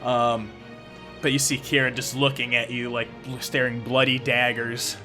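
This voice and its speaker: A man narrating as game master of a tabletop game, casual and halting, with many fillers. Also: medium pitch, level tone, over music.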